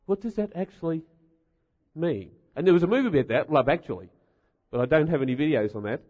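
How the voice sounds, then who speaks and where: A man's voice: a little high, animated, quick pace, a little mellow. A middle-aged man giving a humorous sermon, telling stories with wry rhetorical asides. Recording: dull sound in a reverberant hall.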